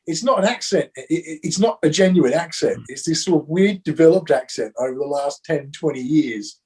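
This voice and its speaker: A man's voice: fairly high pitch, lively intonation, normal speed, a little mellow, slightly rough. A man on a panel, chatting casually and wryly over a video call.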